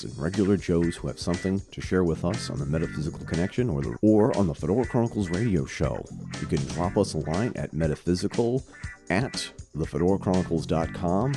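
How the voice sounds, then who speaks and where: A man co-hosting a podcast, chatty with frequent fillers. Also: deep voice. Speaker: podcast co-host. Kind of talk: casual podcast chat.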